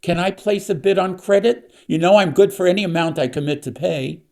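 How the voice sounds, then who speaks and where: A man's voice: sits high, brisk, gravelly, a little mellow, voice pushed up. A man voicing a pleading regular bidder at an auction, talking insistently.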